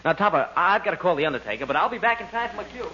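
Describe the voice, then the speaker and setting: A man's voice: high voice, animated, racing, sharp tone. An actor playing a cheerful, scheming male ghost who talks breezily, in 1940s radio comedy acting. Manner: breezy and persuasive. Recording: dull, lo-fi old radio broadcast with faint hiss.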